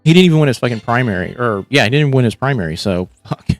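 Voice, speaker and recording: A man's voice: medium pitch, lively intonation, very fast, no echo, soft background music. A man hosting a livestream, giving casual, rambling reaction commentary with lots of swearing and restarts. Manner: rambling, profane, restarts often. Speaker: livestream host.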